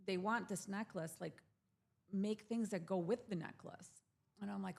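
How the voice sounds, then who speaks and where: A woman with a gravelly, creaky voice, telling the story of her business in a relaxed interview. She talks animatedly and slips into quoted voices of the people she met. She sounds like she is in her forties. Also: medium pitch, normal speed, pauses often. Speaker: jewelry brand founder, guest.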